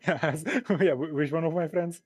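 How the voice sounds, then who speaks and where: A man role-playing his character in a tabletop game, easygoing and quick to laugh. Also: on the high side, darkish tone, breathy edge, soft background music. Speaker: player.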